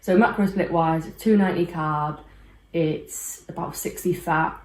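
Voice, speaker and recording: A woman's voice: low voice, measured pace. Chatty woman with a morning voice. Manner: chatty, rambling with restarts. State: morning voice, just out of bed. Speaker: fitness vlogger. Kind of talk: casual chat. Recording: echoey room with kitchen clatter.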